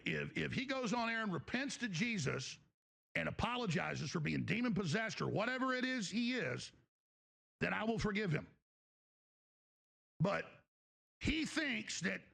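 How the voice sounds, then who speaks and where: Male host, ranting monologue; very gravelly, husky voice. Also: high-pitched, a bit bright. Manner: emphatic, ranting, mimics others mockingly. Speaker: talk show host. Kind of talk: heated on-air monologue.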